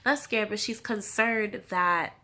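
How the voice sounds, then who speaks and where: A woman's voice: mid-range voice, slow. A woman in her late twenties giving a casual spoken recap of a TV episode, acting out the characters' lines as she retells them. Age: late 20s. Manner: animated retelling, acting out quotes, laughing often. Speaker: TV recap reviewer.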